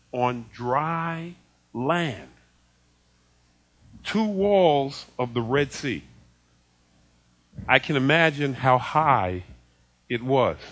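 A man preaching a sermon in an animated way, laughing often and acting out quoted voices. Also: mid-range voice.

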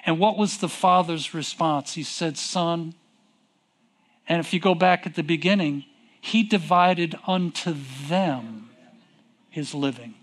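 A male preacher with a high-pitched voice delivers a sermon in an unhurried, deliberate cadence. He reads old-fashioned scripture aloud and pauses to throw questions to the congregation. He stretches out key words for emphasis. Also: fairly bright tone. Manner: reads scripture in King James wording, asks the congregation questions; slow, deliberate, drawn-out emphasis. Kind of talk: sermon with call and response.

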